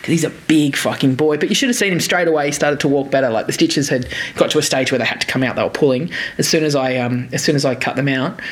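A person telling a rambling story as a podcast co-host, animated, swearing freely and laughing often. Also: medium pitch, fast talker, hardly any pauses. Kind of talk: casual chat, anecdote telling.

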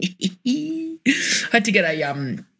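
A man's voice: sits high, sing-song, slow, creaky, husky. A man co-hosting a podcast, telling bawdy stories with lots of swearing and laughter. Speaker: podcast co-host. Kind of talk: casual podcast chat.

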